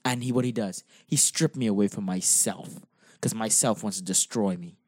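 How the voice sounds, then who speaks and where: A man's voice: lowish voice, moderate pace, dry recording, studio quality. A man who preaches, talking through his faith in a casual discussion, earnest and impassioned, pressing his points with emphasis.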